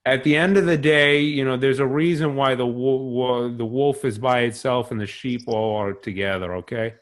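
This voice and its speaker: A man's voice: mid-range voice, moderate pace. A young man co-hosting a podcast in casual chat, rambling with many restarts and fillers. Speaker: podcast co-host.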